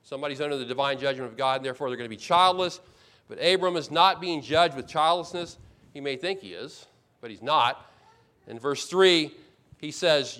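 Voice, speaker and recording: A man's voice: mid-range voice, expressive, moderate pace, sharp tone. A man preaching a sermon as pastor, explaining scripture with emphatic repetition and acting out complaints in first person.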